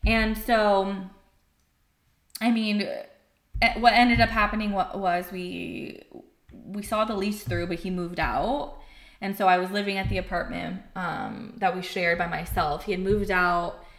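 A young woman telling a personal story in casual chat, candid and animated, swearing and filling her talk with "like". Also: mid-range voice, a little slow, reverberant. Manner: candid, animated, swears freely, many fillers.

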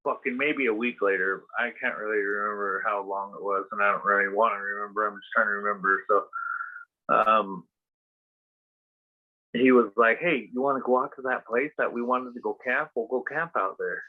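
A man's voice: on the low side, fairly even intonation, normal speed. A man telling a rambling story casually as a podcast host, full of fillers and swearing. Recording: tinny phone-like sound.

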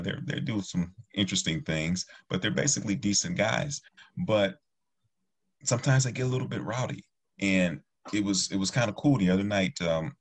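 A man who teaches martial arts, talking earnestly in a rambling, casual discussion with many restarts. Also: sits low.

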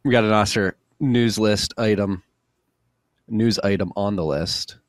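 Male podcast host, deep and dry, relaxed joking banter. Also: a little slow, no echo. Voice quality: relaxed, jokey, calls listeners freaks. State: a little tired after a workout. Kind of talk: casual chat.

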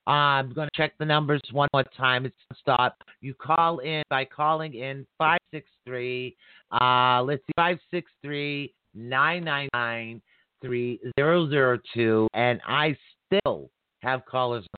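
A man hosting a live call-in psychic reading show, chatty and quick to laugh. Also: medium pitch, steady tone, clear, resonant tone, dry recording. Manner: chatty, warm-toned addresses, laughs often. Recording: dry tinny phone-line sound.

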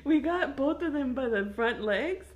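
A woman telling a funny story in a casual chat, animated, laughing often and swearing freely. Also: sits high, unhurried.

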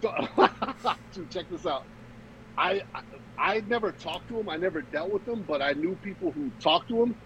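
A man's voice: sits high, expressive, moderate pace, a bit bright, slight background noise, poor audio. A young man co-hosting a podcast, telling a story in casual, swearing chat and laughing often. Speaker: podcast co-host.

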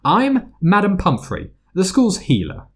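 A man's voice: high-pitched, huge pitch swings, measured pace, a bit bright, husky, voice pushed up, full character voice. A man voicing a fussy motherly school nurse. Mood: brisk. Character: brisk kindly middle-aged school nurse woman.

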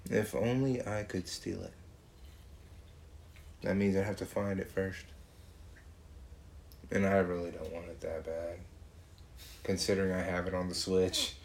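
A man's voice: low-pitched, gravelly, a little mellow, slight background noise. Laughing, swearing man in loose chat. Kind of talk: casual chat.

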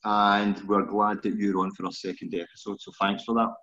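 A man's voice: on the low side, level tone, normal speed, a bit bright, muffled recording. A Scottish man in his forties hosting a podcast interview in a chatty, self-deprecating way. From Scotland. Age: 40s. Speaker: podcast host. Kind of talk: casual interview chat.

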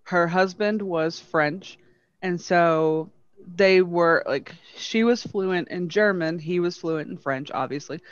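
A man chatting casually, telling an energetic story. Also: high voice, slow pace, smooth, dry recording. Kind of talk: casual chat. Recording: dull dry lo-fi.

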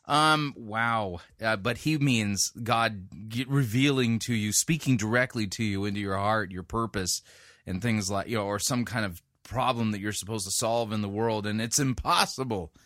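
A man's voice: lowish voice, normal speed, a bit bright, dry recording, clean studio sound. A man hosting a radio talk show, commenting on a sermon with sardonic, wry asides. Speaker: radio host. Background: music bed.

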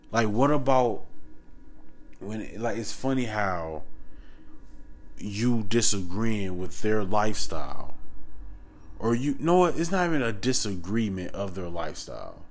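A man's voice: lowish voice, animated, slow, long pauses. A man delivering a heated, repetitive rant straight to the listener, hammering the same phrases over and over and swearing as he goes. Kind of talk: ranting monologue to camera.

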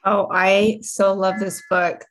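A woman's voice: medium pitch, little pitch movement, slow pace, a little hiss or hum. A middle-aged woman, a guest coach, talking earnestly and emphatically about a book and reading passages from it aloud with feeling. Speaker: guest, project director and coach. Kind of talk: casual talk with read passages.

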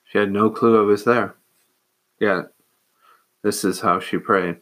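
Low, level-voiced monk telling a story. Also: male voice, fairly even intonation, fairly bright tone. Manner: measured, earnest, with hesitant pauses. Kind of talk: personal storytelling.

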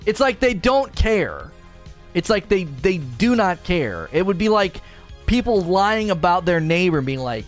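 Soft background music accompanies a streamer whose high, very animated voice holds a measured pace. He is indignant and defensive, ranting and circling back over the same points.

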